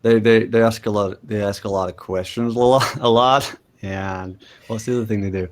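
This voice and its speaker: A man from the UK in casual chat, halting and repeating words, with casual swearing. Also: on the low side, steady tone. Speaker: conversation partner.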